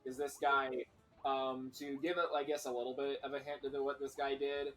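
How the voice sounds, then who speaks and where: A man's voice: mid-range voice, flat delivery, a little fast, a bit bright, soft background music, poor audio. A man on a casual game stream, rambling through a story with lots of fillers and swearing. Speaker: streamer co-host.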